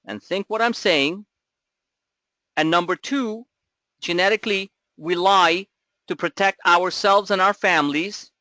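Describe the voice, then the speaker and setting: A man's voice: high-pitched, measured pace, pushed and bright, no room sound. A man coaching traders in a live webinar, talking bluntly and emphatically, firing off rhetorical questions and casual swearing. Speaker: trading coach. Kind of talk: live market commentary webinar.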